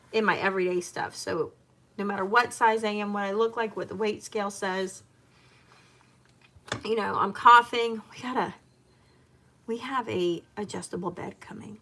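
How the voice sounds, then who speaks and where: A woman's voice: medium pitch, a bit bright, slight background noise. A woman in her home kitchen chatting casually and rambling as she chops and cooks. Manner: chatty and rambling, talking while chopping and cooking. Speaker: homemaker vlogger. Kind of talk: casual chat while cooking.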